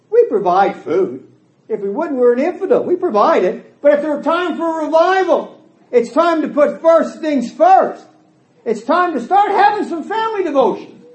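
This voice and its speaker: A middle-aged man preaching a sermon in a church hall, emphatic and folksy, voicing quoted dialogue as he goes. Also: very high-pitched. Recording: echoey hall.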